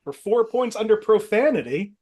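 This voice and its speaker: A man's voice: high voice, expressive, normal speed, a little mellow, slightly rough. A man hosting an online movie quiz game, reading out clues steadily and laughing often with the players. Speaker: game show host.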